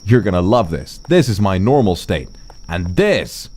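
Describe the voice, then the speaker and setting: A man streaming a game, chatting playfully to viewers and squealing excitedly at the animals he meets. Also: low-pitched, moderate pace. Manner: excitable, squeals at animals and mimics their calls. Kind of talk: gaming livestream commentary.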